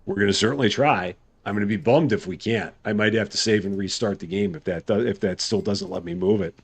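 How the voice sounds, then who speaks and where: A man's voice: fairly low pitch, fairly quick, breathy edge. A man giving casual live gameplay commentary as a streamer, chatty and good-humored, thinking aloud. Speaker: game streamer.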